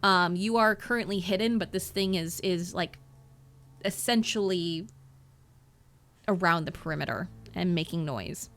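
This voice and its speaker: A woman's voice: fairly low pitch, unhurried, fairly bright tone. A woman narrating a tabletop game as game master, rambling through her descriptions with many fillers.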